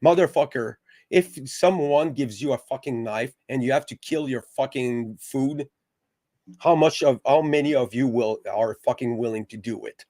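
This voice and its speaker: This podcast host, a man with a mid-range, mellow voice, gets heated in casual talk, cursing freely and halting to restart his sentences as he argues with passion. The sound is dry and studio-clean.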